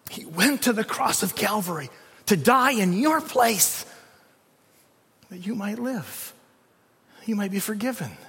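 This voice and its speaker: A man preaching a sermon in a church, dramatic, swinging from loud emphasis to hushed tones. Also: high voice, sing-song, a little slow, long pauses. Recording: long reverb of a hall.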